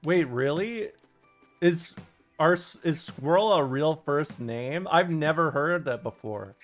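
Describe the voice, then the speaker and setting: A male streamer talks casually while he plays, reacting to chat with swearing and disbelief. His voice sits a little higher than most men's. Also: animated, slow, faint music behind. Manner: profane, incredulous, joking. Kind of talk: casual gameplay commentary.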